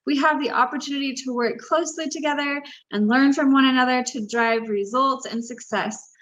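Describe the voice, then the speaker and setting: A woman co-hosting a casual chat, reading tributes aloud, emotional and quick to laugh. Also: high voice, a bit bright. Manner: emotional, gushing, laughs easily. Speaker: co-host. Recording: dull lo-fi sound.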